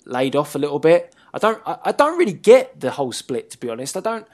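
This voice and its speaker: A man's voice: fairly high pitch, very animated, fast talker, darkish tone. A man hosting a wrestling talk show in casual chat, playful and teasing, often laughing and trailing off mid-sentence.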